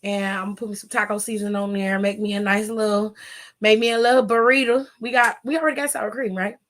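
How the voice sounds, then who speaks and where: Here the aftershow host has a mid-range, slightly bright voice, and she talks fast with fairly even intonation. Her casual wrestling recap is loose, profane and gossipy, built around storytelling.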